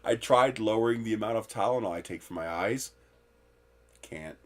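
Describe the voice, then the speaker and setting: A man with a lowish voice hosts a live stream at normal speed, chatting candidly and rambling between topics. Now and then he lets a swear slip.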